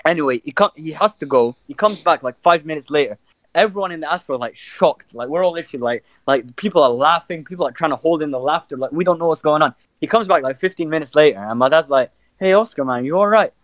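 A young man telling stories on a casual podcast, animated, swearing freely and laughing as he talks. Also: fairly high pitch, quick pace, no room sound, rough recording. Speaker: podcast co-host. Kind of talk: casual storytelling chat.

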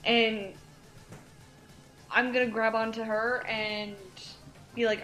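A woman's voice: a little high, little pitch movement, slow pace, long pauses, fairly bright tone, faint music behind. Woman player in an echoey room. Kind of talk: tabletop game play.

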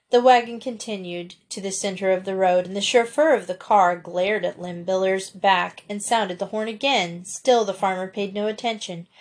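A woman reading a children's adventure book aloud as narrator, steady and expressive. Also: mid-range voice. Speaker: audiobook narrator. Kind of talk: storybook narration.

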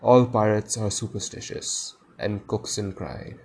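A man reading a classic story aloud with animated delivery, pausing for brief casual asides. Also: on the low side, rough recording. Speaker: reader.

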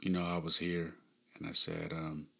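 A man in his thirties hosting a podcast, telling a personal story in a subdued, halting way with frequent sighs. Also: extremely low pitch, monotone, gravelly, bright, forceful tone, slightly rough. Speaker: podcast host.

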